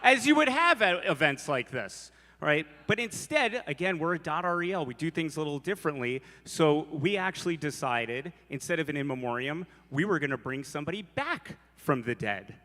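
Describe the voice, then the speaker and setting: Bright-voiced man joking as gala emcee. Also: on the high side, lively intonation, moderate pace. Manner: playful, teasing. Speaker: event emcee. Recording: reverberant hall from a distance.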